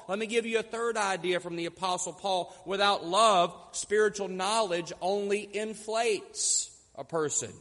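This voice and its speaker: High voiced pastor guy giving a sermon, long echo in the church. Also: fairly bright tone. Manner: storytelling, slows down for emphasis.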